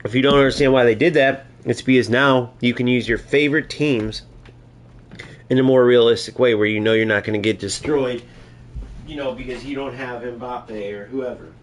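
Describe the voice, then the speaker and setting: A chatty, laid-back male gamer commentating his live stream at a medium pitch. He rambles easily between plays, peppering his talk with "right?", "man" and "bro". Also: steady tone, moderate pace. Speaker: gaming streamer.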